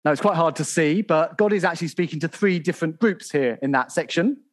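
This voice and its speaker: Male preacher, high-pitched, animated sermon delivery with loud bursts and long scripture readings. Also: brisk. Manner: animated, calls out loudly in bursts; reads scripture aloud at length.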